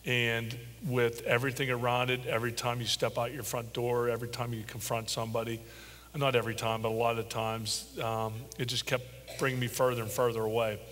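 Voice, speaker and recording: A middle-aged father, as an interview guest, tells a personal story in a halting, heartfelt way with many pauses and ums. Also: mid-range voice, little pitch movement, a bit bright. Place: large church hall. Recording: echoey church hall with faint hum.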